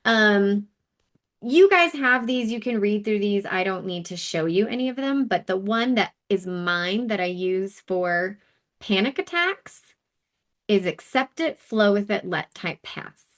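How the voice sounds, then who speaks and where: A woman's voice: mid-range voice, expressive, unhurried. A woman hosting a casual live wellness session, talking in a chatty, candid way with asides and fillers.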